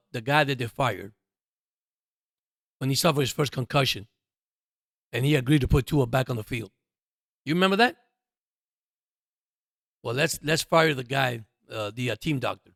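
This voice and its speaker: Gravelly yet fairly bright, this man's voice sits fairly high, captured dry in clean studio sound. He's hosting a sports podcast, and his commentary comes as a passionate, emphatic monologue aimed right at the "guys" listening, with plenty of repetition.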